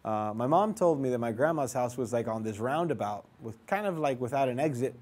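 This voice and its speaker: A man's voice: mid-range voice, lively intonation, brisk, a little mellow. A young man casually recounting his search for his father, rambling and conversational, acting out quoted dialogue along the way. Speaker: vlogger telling his life story. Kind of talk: casual storytelling.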